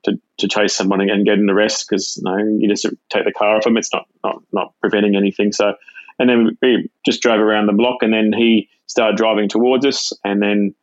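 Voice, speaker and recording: A middle-aged Australian man, a retired police sergeant, tells his story in a halting way with many fillers and restarts. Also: fairly low pitch, little pitch movement, no room sound, lo-fi sound. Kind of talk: casual personal storytelling.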